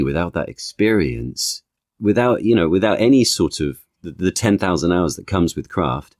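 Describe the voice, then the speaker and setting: Very deep-voiced man, dry sound. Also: a little mellow, dry recording. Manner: thoughtful, stacks analogies, frequent restarts and "you know". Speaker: podcast guest, actor and author. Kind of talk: conversational interview.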